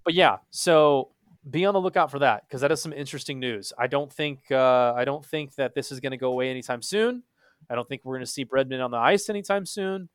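A young man from Texas, hosting a casual hockey podcast, animated and swearing freely. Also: medium pitch, a little fast, clear, resonant tone, dry recording. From Texas, USA. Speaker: podcast host.

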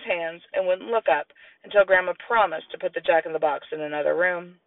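A man's voice: fairly quick, no room sound, distant mic. A man reading a children's story aloud and doing the characters' voices. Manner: lively, plays children's voices in high squeals. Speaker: audiobook narrator. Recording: tinny, lo-fi, radio-like sound.

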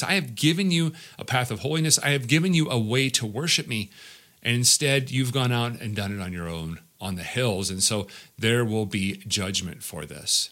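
A man's voice: medium pitch, sharp tone. A middle-aged pastor teaching a Bible passage verse by verse, often repeating his words as he explains.

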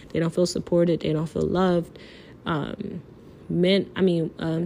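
There's a little hiss or hum behind this woman's low, dark-toned voice. She hosts a podcast by herself and, close to tears, speaks in an impassioned, pleading monologue thick with filler words and profanity.

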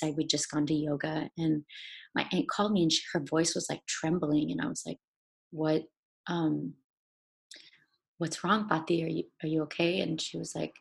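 Speaking as a guest in an interview, a young woman actor shares something personal, stumbling and starting over repeatedly, her voice cracking at tearful moments. She sounds low-pitched, gravelly and husky.

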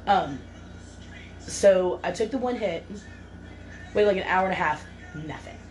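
A young woman casually telling a story, animated and laughing, acting out the voices of others. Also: fairly low pitch, a little slow, faint music behind, low-quality recording.

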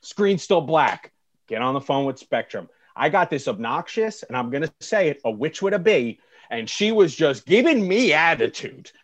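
High-voiced man ranting bluntly. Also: big pitch swings, normal speed, a bit bright. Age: 30s. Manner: blunt, profane, dramatic ranting. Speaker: podcast co-host. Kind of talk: casual chat.

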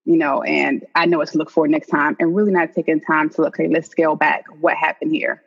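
A woman's voice: sits low, flat delivery, a little fast, creaky, breathy edge. A woman co-hosting a relationship podcast, talking conversationally with many fillers and frequent laughs. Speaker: podcast co-host. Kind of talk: casual podcast chat. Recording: dull lo-fi sound.

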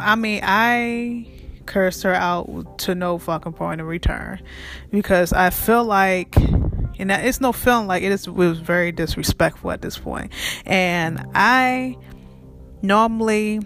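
A vlogger telling a heated storytime rant straight to viewers, animated and profane, calling out to the audience as she goes. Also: medium pitch. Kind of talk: casual storytime rant to camera.

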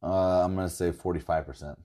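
A man's voice: sits low, steady tone, fairly quick, warm tone. A man who works in a store, a guest on a podcast, ranting emphatically in casual chat with plenty of swearing. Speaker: store worker.

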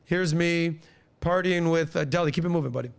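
Animated storytelling man. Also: brisk, creaky, smooth. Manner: animated, acts out quoted people in higher voices. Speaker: podcast host. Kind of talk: casual storytelling chat.

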